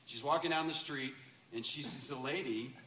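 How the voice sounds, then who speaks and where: A man preaching a sermon in a church and telling a story in a loose, chatty way, with fillers and quick laughs. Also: medium pitch, sharp tone, a little hiss or hum. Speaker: pastor. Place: church sanctuary. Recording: echoey church room, distant mic.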